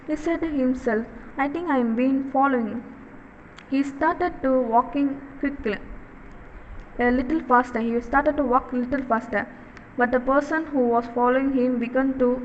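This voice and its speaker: A woman reading a children's story aloud, halting and correcting herself as she goes. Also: high voice. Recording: dull recording with long reverb and faint noise.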